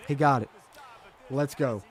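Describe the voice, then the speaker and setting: In an unhurried, mid-range voice, a man streams a football video game and chats with his audience. Reading their comments, he goes back and forth between frustration and hype.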